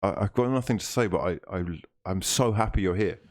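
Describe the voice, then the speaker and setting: A man's voice: lowish voice, a little fast, no echo, studio quality. A man hosting a live stream, reading viewer comments aloud in a playful, mock-grand way.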